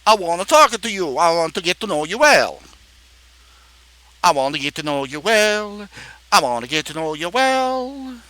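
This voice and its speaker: Brief: man quoting a pleading, lovesick movie suitor, bright and dry. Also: high-pitched, big pitch swings, moderate pace, dry recording, exaggerated voice, poor audio.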